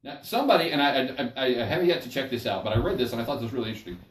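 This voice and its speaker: A man's voice: mid-range voice, lively intonation, very fast. An older man and pastor leading a Bible study sermon in a folksy, conversational way, often checking in with his listeners. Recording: echoey room, mic at a distance.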